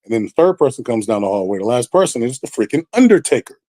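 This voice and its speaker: A man telling a story on a podcast in a casual, animated way, with lively acted-out quotes. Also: mid-range voice, fast talker, no room sound. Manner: animated, acts out quoted voices. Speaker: podcast guest.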